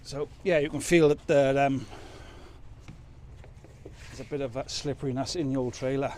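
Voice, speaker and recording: A man's voice: medium pitch, steady tone, normal speed, a little mellow, a little hiss or hum. A man chatting casually as he loads his truck outdoors, rambling and joking at his own expense. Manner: chatty, rambling, self-mocking. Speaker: truck driver vlogger. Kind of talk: casual chat while working. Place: outdoors at a loading yard in rain.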